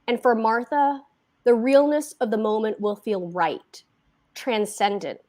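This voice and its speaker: A woman author reading her own fiction aloud at a book event, slow and deliberate with dramatic pauses. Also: medium pitch, darkish tone.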